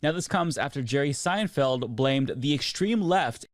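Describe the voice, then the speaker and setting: A man's voice: medium pitch, expressive, a little slow, no room sound, clean studio sound. A man delivering opinionated video commentary on the news, blunt and swearing freely. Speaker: political commentator.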